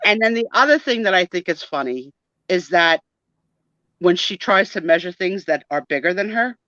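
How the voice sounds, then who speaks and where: A woman's voice: lowish voice, normal speed, no echo. Chatty middle-aged New Jersey woman. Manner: animated, chatty, laughs often. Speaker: guest on a live sale stream. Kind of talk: casual chat. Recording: dull lo-fi stream audio.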